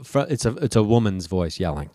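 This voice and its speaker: A man telling a long personal story in casual talk, lively and profane, acting out the people in it. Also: fairly low pitch, brisk, dry recording, studio quality. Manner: animated, swears freely, acts out the people in his story.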